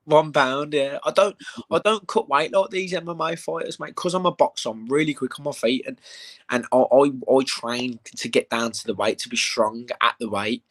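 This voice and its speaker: A young man in a casual interview, telling animated stories with plenty of swearing and "mate.". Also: mid-range voice, normal speed. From England. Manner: animated storytelling, swears, says "mate" a lot. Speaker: bare-knuckle fighter, interview guest.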